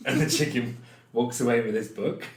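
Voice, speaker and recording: A man co-hosting a podcast in casual chat, playful and quick to laugh, fond of telling jokes. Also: mid-range voice, roomy sound. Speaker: podcast co-host.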